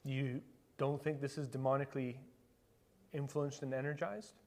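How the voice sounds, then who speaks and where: A male pastor preaching a sermon in a conversational way, with rhetorical questions and sudden bursts of excitement. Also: medium pitch, moderate pace. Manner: conversational preaching with asides and fillers.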